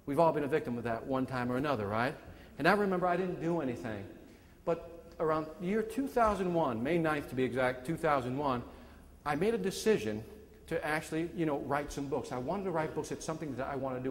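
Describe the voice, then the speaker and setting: Chicago guy in his 40s, fired-up motivational talk, lots of questions back at the room, long hall reverb. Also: fairly high pitch. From Chicago, USA. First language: not English. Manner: energetic, quizzing the room, call-and-response. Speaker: motivational speaker. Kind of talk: live motivational speech.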